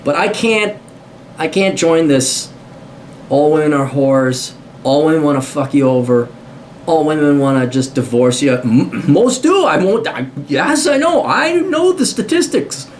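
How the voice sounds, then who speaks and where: A man with a somewhat high voice delivers an unscripted opinion rant straight to camera. He is combative and sarcastic, swears freely, and trips over repeated words as he restarts his sentences. A faint hiss runs underneath. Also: lively intonation, unhurried. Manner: blunt and combative, with frequent cursing; stammers and restarts mid-sentence. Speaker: video commentator.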